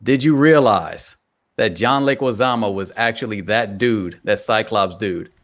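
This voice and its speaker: A man's voice: fairly low pitch, unhurried. A man hosting a casual fan discussion, laid-back, often laughing and putting questions to his co-hosts. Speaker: podcast host. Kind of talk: casual chat.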